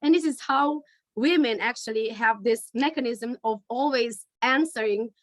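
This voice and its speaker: A woman leading a storytelling workshop over a video call, searching for words with many pauses and fillers. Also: fairly high pitch, no echo, studio quality. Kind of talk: online workshop teaching.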